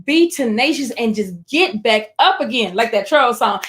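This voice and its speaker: With slight background noise, a woman runs an educators' webinar via a computer microphone, her voice a little high with lively intonation and a fairly bright tone. She encourages her audience, speaking directly to them and slowing down on key phrases.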